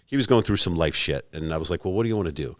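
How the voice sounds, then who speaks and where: Brief: deep, dry-sounding man in his forties, profane storyteller, podcast guest. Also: lively intonation, racing, dry recording. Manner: profane, storytelling, acts out both sides of conversations. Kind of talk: casual podcast chat.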